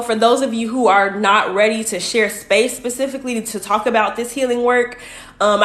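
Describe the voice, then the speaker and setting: A woman spiritual coach, talking casually and directly to her livestream viewers, into a phone. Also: mid-range voice. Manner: warm, direct, uses "y'all" and "baby".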